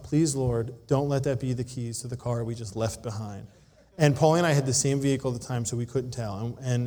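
A man preaching a sermon, telling a personal story in an animated way and acting out voices. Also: medium pitch. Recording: long hall reverb.

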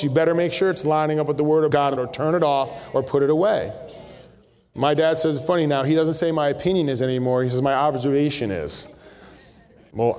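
A man's voice: fairly high pitch, a little mellow. A middle-aged male pastor preaching a sermon in a conversational way, mixing teaching with storytelling asides. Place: church sanctuary. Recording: long reverb of a church hall.

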